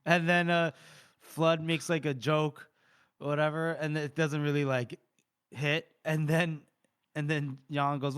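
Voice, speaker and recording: Animated man retelling a book, higher voice. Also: slow, clean tone. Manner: animated, acts out characters' lines with laughter. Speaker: podcast co-host. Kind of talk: casual book discussion, retelling scenes.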